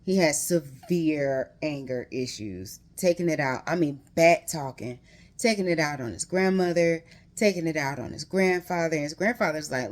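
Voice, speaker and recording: Brief: woman, 30s, low-pitched, casual book recap, heated emphatic delivery. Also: moderate pace. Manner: emphatic, heated storytelling that rises in pitch when worked up; conversational, addresses viewers directly. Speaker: book reviewer.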